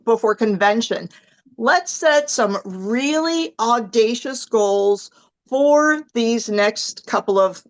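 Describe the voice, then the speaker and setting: Enthusiastic, slightly hoarse woman on a video call. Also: fairly high pitch, a bit bright, rough recording. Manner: enthusiastic, chatty, gushing. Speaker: team leader. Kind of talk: motivational team call.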